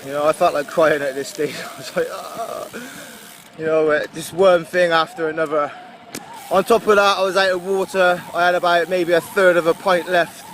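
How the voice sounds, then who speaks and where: A man from England with a Gloucestershire accent talks into a camera on his bike, rambling and chatty with lots of fillers. His voice sits a little high for a man. Loud road and wind noise from outdoors runs under his speech. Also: steady tone, brisk. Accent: Gloucestershire English. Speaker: touring cyclist vlogger. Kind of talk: casual video diary. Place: outdoors on a roadside while cycling.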